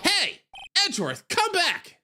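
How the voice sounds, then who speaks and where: A man voicing an excitable, pushy young woman sidekick in a squeaky, shrill voice while playing through a game. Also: a little fast, slight background noise. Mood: indignant. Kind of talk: fan voice-acting a game playthrough.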